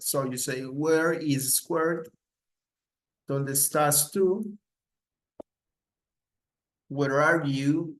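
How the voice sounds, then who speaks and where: A man takes an English class through a grammar lesson. He speaks in an unhurried, drawn-out way and repeats every example sentence several times. His voice sits a little high for a man. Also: rough recording. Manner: slow, repeats each example several times, switches between English and Spanish. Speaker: English teacher.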